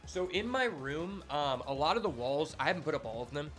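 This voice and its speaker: Streaming a card game, a young man chats in a relaxed, rambling manner, cursing and using plenty of fillers. His voice sits on the high side, a bit bright, with lively intonation and a fairly quick pace, and faint music can be heard.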